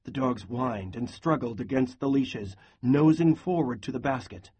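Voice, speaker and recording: A man reading a novel aloud in a steady, even voice for a class lesson. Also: medium pitch, moderate pace, breathy edge. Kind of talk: read-aloud lesson narration.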